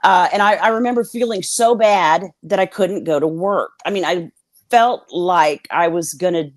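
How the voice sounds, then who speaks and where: A woman with a lowish voice speaks at a moderate pace, with no room sound in the recording. She's a guest on a video call, telling her story candidly and bluntly. She swears freely and acts out the lines of the people involved.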